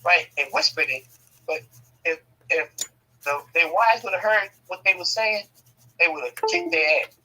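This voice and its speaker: Husky, bright-voiced man telling stories. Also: high voice, moderate pace, low-quality recording. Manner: profane, animated, laughing. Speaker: storyteller. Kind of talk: casual storytelling.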